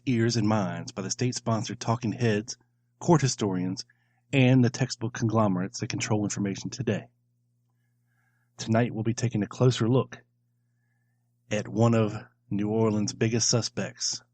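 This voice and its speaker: A man's voice: lowish voice, darkish tone, no echo. A man hosting a podcast in a casual monologue, wordy and grandiose, often repeating himself. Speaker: podcast host.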